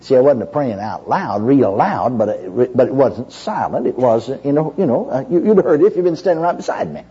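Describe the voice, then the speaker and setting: A man's voice: mid-range voice, expressive, a little fast, hardly any pauses, warm tone, slightly rough, muffled recording. A male preacher giving a sermon as a personal testimony. He tells it in a folksy storytelling way, with constant "you know"s and restarts.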